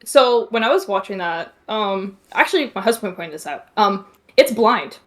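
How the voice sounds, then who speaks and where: A woman's voice: medium pitch, expressive, normal speed. A woman guest in a casual podcast chat, blunt and swearing freely as she gives her opinions.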